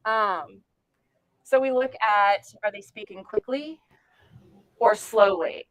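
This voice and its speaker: A woman giving an informal training talk to volunteers. Her voice sits at an ordinary mid pitch. She speaks frankly and chattily, with plenty of lively asides. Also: slow, long pauses, poor audio.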